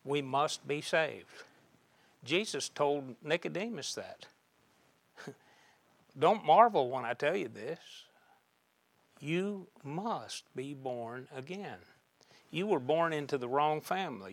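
Folksy preacher, slow and dry. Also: male voice, fairly high pitch, dry recording. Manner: folksy, with sudden loud emphatic bursts and drops to quiet. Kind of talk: sermon.

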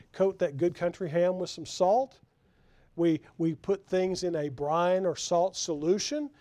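Conversational pastor preaching a sermon. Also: male voice, high voice, mellow, dry recording. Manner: conversational, asks the congregation questions.

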